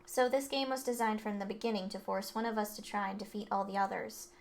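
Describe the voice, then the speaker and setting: Woman reading a calm analytical girl. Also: mid-range voice, vocal fry, lightly acted. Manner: calm, explanatory, measured. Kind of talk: reading game dialogue aloud.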